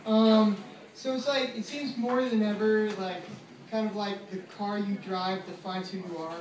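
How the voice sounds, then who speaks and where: A law student in his twenties does casual, profane, self-deprecating stand-up at an open mic, packed with fillers. His voice sits high with a darkish tone, fairly even intonation, and an unhurried pace. The audio is noisy, captured from far off in an echoey small comedy venue with a live audience.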